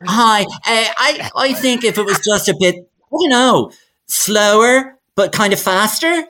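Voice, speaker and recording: A man's voice: high-pitched, animated, a little slow, bright, forceful tone, slight background noise, voice pushed up, full character voice. A man voicing a fussy, flustered advertising client who gives dithering, contradictory directions.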